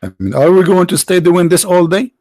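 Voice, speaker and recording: Brief: sarcastic man from the Middle East, choppy English, animated pitch, dry close sound. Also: fairly quick, no echo. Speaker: religion critic. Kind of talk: mocking monologue.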